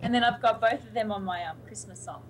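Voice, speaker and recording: A woman's voice: medium pitch, fast talker, slight background noise, poor audio. A woman from Sydney with an Australian accent, a singer-songwriter talking over a Skype call, bubbly and laughing often. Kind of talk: casual interview over Skype.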